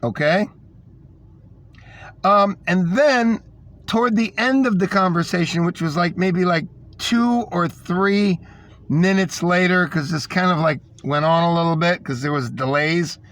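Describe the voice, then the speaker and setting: A man's voice: high voice, measured pace, fairly bright tone, no echo. A man delivering a rambling, scornful monologue, repeating himself as he tells a story. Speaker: podcast host. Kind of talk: ranting monologue.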